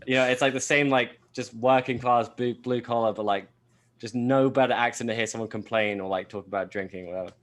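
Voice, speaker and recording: A man's voice: medium pitch, steady tone, quick pace. A man on a podcast rambling in casual chat, full of filler words and swearing. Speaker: podcast co-host.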